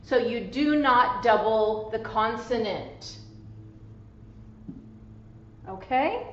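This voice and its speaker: A woman English teacher giving a slow, deliberate grammar lesson, spelling out letters and stressing syllables carefully. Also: on the high side, slight background noise. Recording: echoey room, dull lo-fi sound.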